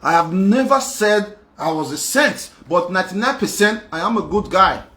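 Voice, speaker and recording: A man's voice: sits high, lively intonation, normal speed, sharp tone, roomy sound. A young man, speaking on a live show in an insistent, repetitive, emphatic monologue. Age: young adult. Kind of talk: emotional personal monologue.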